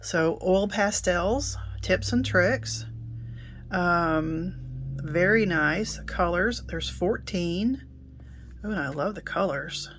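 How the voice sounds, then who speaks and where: Casual middle-aged woman, lower-pitched and slow, chatty craft reviewer. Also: a little hiss or hum. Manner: chatty, many ums, soft asides. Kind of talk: casual unboxing demo.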